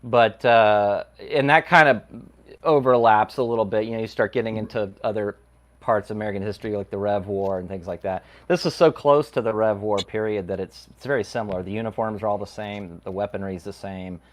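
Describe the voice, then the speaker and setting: A man's voice: fairly low pitch, fairly quick. A man, a guest comic creator, talking casually and rambling, laughing easily. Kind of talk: casual chat.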